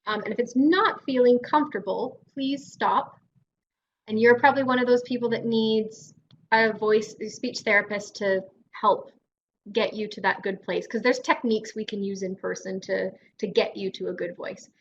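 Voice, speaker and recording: A woman's voice: medium pitch, normal speed, muffled recording, a little hiss or hum. A Canadian woman speech-language pathologist leading a guided voice exercise class in an encouraging way. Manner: encouraging, demonstrates vocal drills.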